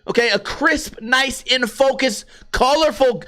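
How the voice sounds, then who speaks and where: A young male podcast host rants loosely and swears often. His voice is high and bright, with a smooth, clear tone. He rambles and jumps his pitch up and down to make a point. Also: animated, a little fast. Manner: profane, rambling, swings pitch for emphasis. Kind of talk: casual rant.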